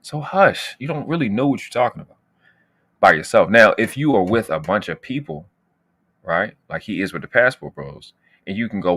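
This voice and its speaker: Brash, low-voiced man streaming commentary. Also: animated, moderate pace, fairly bright tone, breathy edge, no echo. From United States. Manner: brash, boastful, slangy, trash-talking. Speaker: channel host. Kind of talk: casual livestream commentary.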